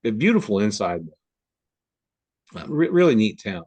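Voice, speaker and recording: Man, from the Upper Midwest, guest, casual chat, video call, fairly low voice, dry sound. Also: very animated, moderate pace, a little mellow, husky, no echo, dull audio. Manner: rambling, many fillers and restarts.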